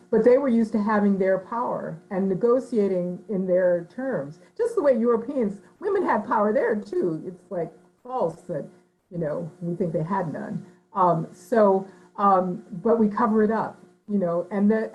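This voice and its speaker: Brief: expressive woman writer, mid-pitched, chatty interview, lots of "you know" fillers. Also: dull audio. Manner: animated, slips into voices when quoting people; thoughtful, frequent hedging fillers. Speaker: author. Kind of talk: conversational interview answer.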